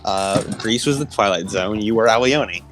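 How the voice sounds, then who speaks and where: A man's voice: lowish voice, normal speed, fairly bright tone, soft background music. A man playing a tabletop game, chatting casually and enthusiastically, swearing freely. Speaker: player.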